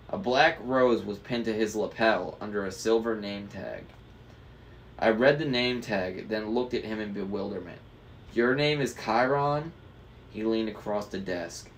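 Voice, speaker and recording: A man reads a novel aloud in a casual, unpolished way, stumbling now and then over hard words. His voice sits low. Faint background noise runs under the recording. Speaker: book reader.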